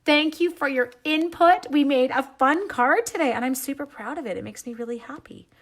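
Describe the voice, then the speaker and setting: Chatting away during a live craft demo, a woman from Canada stamps cards and thanks her viewers by name, affectionately addressing them as "my dears." She speaks at a normal speed in a high voice.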